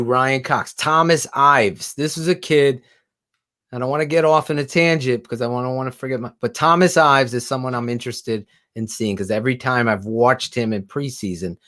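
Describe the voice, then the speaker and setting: A man co-hosting a casual sports talk stream, excitable and profane, his voice climbing as he gets heated. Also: mid-range voice, moderate pace. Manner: excitable, swearing, voice rising when heated. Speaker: co-host.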